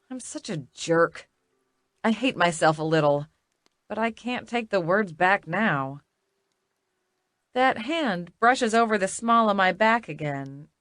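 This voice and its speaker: A woman's voice: mid-range voice, a bit bright, no echo. A woman narrating a romance audiobook in the first person, with a wry, conversational inner-monologue manner.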